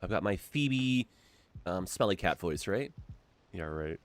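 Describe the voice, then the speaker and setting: Stuffed-up male streamer, low voice, very animated, faint music behind. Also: measured pace. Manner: relaxed thinking aloud. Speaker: game streamer. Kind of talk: casual gameplay commentary.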